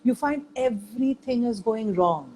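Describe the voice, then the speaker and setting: A woman's voice: on the high side, animated, measured pace, darkish tone, slight background noise, poor audio. An older woman sharing her experience in a casual chat, talking emphatically and repeating points for stress.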